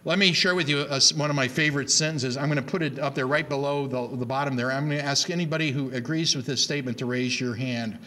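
This middle-aged reading educator talks fast at medium pitch, with hardly any pauses, lecturing a live audience on teaching reading. He's animated and emphatic and keeps making repeated starts.

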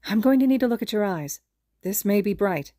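Woman reading a calm, kind young male medic. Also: medium pitch, dry recording, studio quality, natural voice. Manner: calm, kind, brisk with patients. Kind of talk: podfic character reading.

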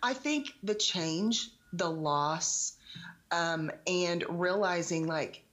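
A woman in her forties speaks in a fairly low voice. She is the guest author in a relaxed podcast chat and talks frankly and bluntly. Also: extremely slow. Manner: blunt, candid. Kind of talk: casual podcast conversation.

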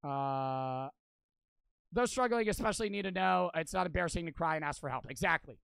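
A man's voice: on the high side, lively intonation, fairly quick, gravelly, fairly bright tone, smooth, no room sound. A young man livestreaming for charity, casually thanking donors one after another, cursing constantly and a little out of breath.

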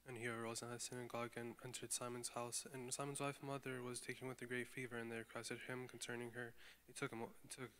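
Male scripture reader, clear smooth tone, level delivery. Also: medium pitch. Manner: rapid, even reading with small slips. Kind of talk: scripture reading.

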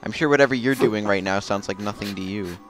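A man's voice: fairly low pitch, quick pace, a bit bright. A young man with a Midwestern accent, co-hosting a let's play in casual, teasing gaming chat. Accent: Midwestern American. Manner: teasing, laid-back.

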